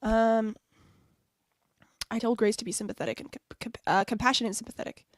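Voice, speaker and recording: A woman from the United States hosting a live stream, chatting casually with frequent laughs and animated asides. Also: on the high side, fairly quick. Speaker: streamer host.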